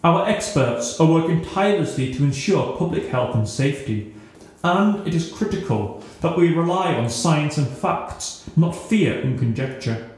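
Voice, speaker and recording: A man's voice: a little high, expressive, normal speed, darkish tone, lightly acted. A man reading the part of a stern male health minister giving an official statement, in a very echoey room.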